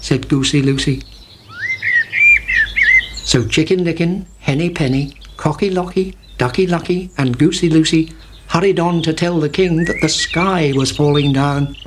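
A storyteller reads a children's fable aloud in a steady, mid-pitched voice. The cadence runs evenly through each list of names, and a clear hiss sits under the recording. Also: measured pace.

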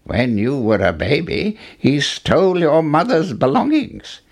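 Man putting on a mysterious old storybook man, older, solemn, warning, raised voice, husky. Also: on the high side, huge pitch swings, unhurried, pitched above the performer's own voice, full character voice.

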